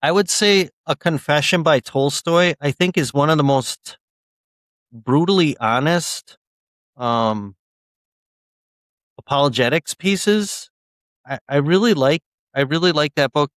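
A man's voice: on the high side, a little slow, pauses often, fairly bright tone, dry recording. A young man, an author guest in a casual interview, speaking earnestly with frequent ums and restarts.

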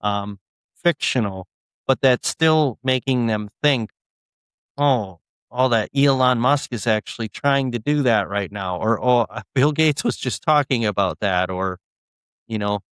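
A man's voice: mid-range voice, measured pace, fairly bright tone, smooth, dry recording. Earnest young man guest, dry close voice. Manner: earnest, many ums and restarts. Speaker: author and guest. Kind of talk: casual interview chat.

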